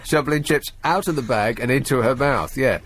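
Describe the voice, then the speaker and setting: A man's voice: medium pitch, fairly quick, a bit bright. A man hosting a radio phone-in in a studio, talking casually in a sardonic, mocking way. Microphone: studio microphone.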